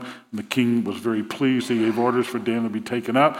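A man's voice: medium pitch, steady tone, fast, few pauses, big-room sound. A man preaching a sermon, retelling a Bible story and acting out the king's words with rising emphasis. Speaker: pastor.

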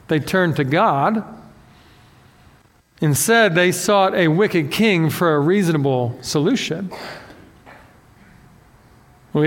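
A man preaching a conversational sermon as pastor, animated and self-deprecating, often acting out what people say. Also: high voice, in a large hall.

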